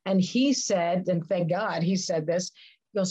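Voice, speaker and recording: A woman's voice: lowish voice, fairly even intonation, moderate pace, darkish tone, breathy edge, dull audio. A woman answering interview questions with earnest, reflective storytelling and many restarts. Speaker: interview guest, business leader. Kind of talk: conversational interview.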